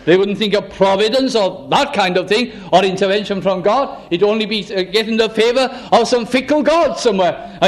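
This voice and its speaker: Male preacher, high-pitched, earnest, asks pointed questions and sinks to a hush. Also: moderate pace, few pauses. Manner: earnest, probing rhetorical questions, drops to a hush. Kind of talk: sermon.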